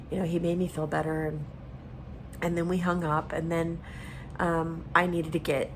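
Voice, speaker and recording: A woman's voice: deep voice, noisy background. A woman cooking in her home kitchen and telling a personal story in an earnest, casual way. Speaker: cooking vlogger. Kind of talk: casual chat while cooking.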